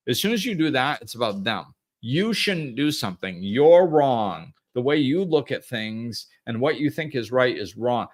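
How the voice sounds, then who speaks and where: A man's voice: medium pitch, a bit bright. A man hosting a podcast, talking through a casual monologue with restarts and chuckles. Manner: acts out angry callers in a raised voice. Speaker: podcast host.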